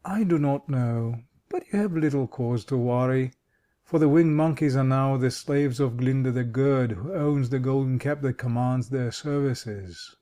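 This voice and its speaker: A man's voice: mid-range voice, unhurried, warm tone, close to an everyday voice. Man doing a thoughtful, kindly scarecrow king. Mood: reflective. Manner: thoughtful, reflective, fatherly. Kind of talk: audiobook character voice.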